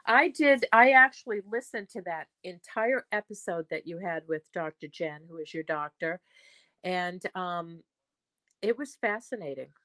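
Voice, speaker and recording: A woman's voice: fairly low pitch, unhurried, bright, forceful tone, no room sound. An older woman talking as a podcast guest, telling stories in a rambling way with frequent restarts. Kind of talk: conversational storytelling.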